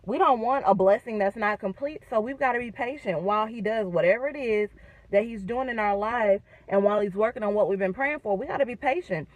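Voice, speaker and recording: A woman's voice: medium pitch, a little fast, no room sound, phone-quality sound. Chatty woman vlogging. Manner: animated, chatty, self-deprecating humor. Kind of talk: casual faith vlog. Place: in a car.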